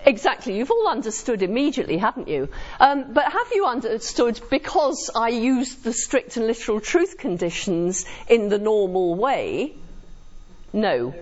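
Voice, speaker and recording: A woman's voice: fairly high pitch, big pitch swings, moderate pace, a little mellow. A woman giving a philosophy lecture to students, chatty and often checking understanding with tag questions. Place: classroom. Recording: dull lo-fi classroom recording.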